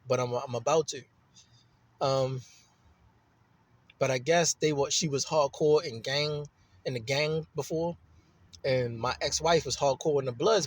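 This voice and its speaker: A man's voice: mid-range voice, no room sound. A man from Baltimore with a Baltimore accent, telling a rambling, profane personal story in a casual monologue. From Baltimore, USA.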